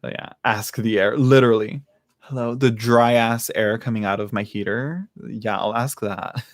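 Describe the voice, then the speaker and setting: A man's voice: lowish voice, steady tone, moderate pace, no echo. Chatty man doing live tarot readings. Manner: chatty, laughs often, many fillers and restarts. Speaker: tarot reader hosting a live stream. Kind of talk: casual live-stream chat.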